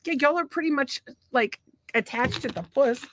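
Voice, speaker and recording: A woman's voice: sits high, moderate pace, background noise. A woman co-hosting a casual podcast with her husband, rambling through blunt, profane stories and opinions. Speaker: podcast co-host. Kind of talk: casual crude banter.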